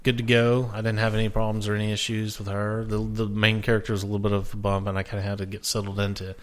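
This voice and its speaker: A man hosting a casual TV podcast, halting and searching for words as he talks. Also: on the low side, monotone. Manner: halting, full of fillers and restarts. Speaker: podcast host. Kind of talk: casual chat.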